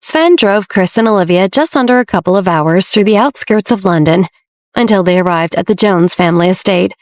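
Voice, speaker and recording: A woman reads a romance novel aloud in a steady, measured storytelling voice. Her pitch sits in the middle, and the close mic gives a dry sound with no room around it. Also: no echo. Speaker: audiobook narrator. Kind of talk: scripted narration.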